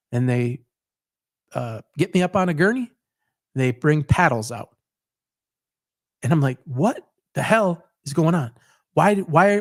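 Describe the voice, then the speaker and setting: A man's voice: a little high, darkish tone, dry recording. Emphatic, dry-sounding middle-aged male host. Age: 50s. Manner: emphatic, repeats words, acts out the story. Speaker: sports talk show host. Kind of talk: personal storytelling on a podcast.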